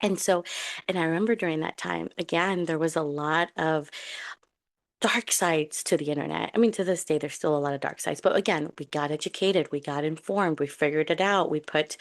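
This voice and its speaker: Low-voiced woman podcasting casually. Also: no echo, studio quality. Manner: rambling, self-correcting, candid. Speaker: podcast host. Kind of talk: casual solo podcast talk. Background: dog on her lap.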